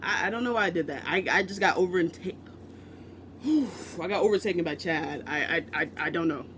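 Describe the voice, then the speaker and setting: A man's voice: fairly high pitch, quick pace, pushed and bright, a little hiss or hum. A man from the United States chatting casually as a book vlogger, rambling and cutting into his own sentences with joking asides. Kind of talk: casual rambling vlog chat.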